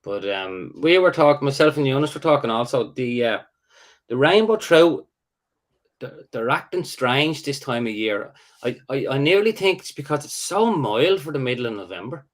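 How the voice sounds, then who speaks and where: A man hosting an angling show tells a fishing story with a mid-range voice. His casual, meandering delivery stumbles and restarts at first, then turns animated as the story gains momentum.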